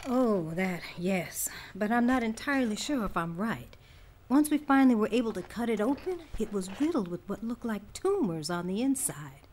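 A woman voicing a weary middle-aged scientist and mother who speaks in a measured, reserved way. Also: medium pitch, big pitch swings, darkish tone, slight background noise, close to an everyday voice. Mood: tired.

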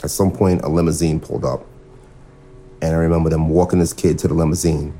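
A man telling an interviewer about a shooting he witnessed, halting and full of fillers, acting out what was said. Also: extremely low pitch, level tone, warm tone, faint music behind. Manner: halting, filler-heavy, acts out remembered dialogue. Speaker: eyewitness interviewee. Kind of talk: recounting a shooting in a documentary interview.

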